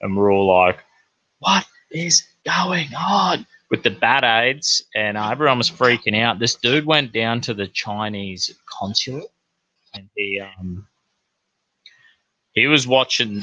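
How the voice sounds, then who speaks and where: Sweary Australian bloke ranting forcefully. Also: male voice, lowish voice, dry recording, muffled recording. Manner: rambling, sweary, blokey slang. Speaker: livestream news host. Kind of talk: crude comedic news rant.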